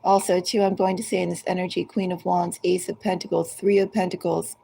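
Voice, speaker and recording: A woman tarot reader talks straight to each zodiac sign, unhurried and musing. Her voice is low and mellow, with a gravelly edge and a husky grain. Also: level tone, low-quality recording. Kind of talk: collective tarot reading.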